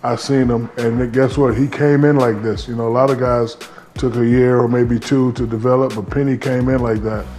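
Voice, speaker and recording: A man's voice: mid-range voice, flat delivery, normal speed, darkish tone, faint music behind. A man who played professional basketball tells a story in a casual interview, rambling and full of fillers. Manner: rambling, filler-heavy, laid-back. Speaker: former pro basketball player.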